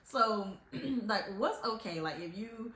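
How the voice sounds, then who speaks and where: A woman's voice: fairly high pitch, takes it slowly. A young woman co-hosting a chatty podcast, telling stories with lots of laughter. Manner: laughs often, animated storytelling. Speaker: podcast co-host. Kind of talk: casual chat. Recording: echoey room with faint noise.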